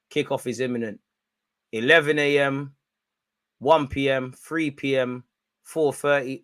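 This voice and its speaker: A young man giving excitable, slang-filled banter on a live football watch-along stream. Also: medium pitch, dry recording.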